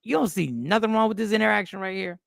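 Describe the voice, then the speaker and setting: A man hosting a casual talk show, telling a personal story in an animated way, repeating himself. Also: sits high, fast, gravelly, no echo, studio quality. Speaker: host.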